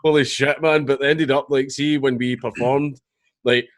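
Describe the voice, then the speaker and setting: A man's voice: mid-range voice, steady tone, moderate pace. A Scottish man in his thirties telling stories as a guest in a casual podcast chat, swearing freely. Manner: swearing, storytelling, laughs often.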